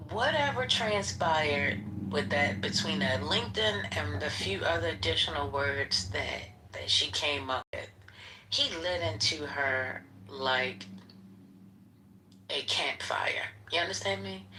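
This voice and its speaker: A woman co-hosting a casual chat, telling a story in an expressive, drawn-out way. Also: low-pitched, slight background noise, poor audio. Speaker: co-host.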